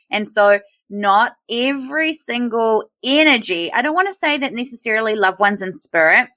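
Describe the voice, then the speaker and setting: A woman on a podcast explains her spiritual views in a casual, earnest way. Her voice is bright and crisp, and her pitch sits in a middle range.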